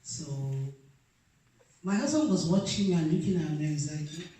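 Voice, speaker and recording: A woman's voice: sits low, big pitch swings, normal speed, mellow, far from the mic. A middle-aged woman tells her personal story at a celebration, earnest and emotional, and acts out each exchange. Her voice is picked up from well away from the mic. It bounces around a very echoey room, with a little background noise. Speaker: speaker giving a personal testimony.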